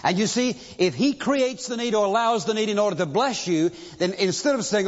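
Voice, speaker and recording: A pastor preaching a sermon, telling a story with emphasis and asking rhetorical questions, in a dull, echoing recording from a large church hall. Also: male voice, high voice, lively intonation, fairly quick, hardly any pauses.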